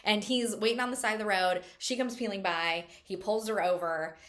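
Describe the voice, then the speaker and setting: A woman in relaxed conversation recapping a novel's plot for her viewers. She talks loosely, full of fillers, and drops wry, joking asides along the way. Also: medium pitch, moderate pace. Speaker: book reviewer host. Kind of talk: casual book-recap chat.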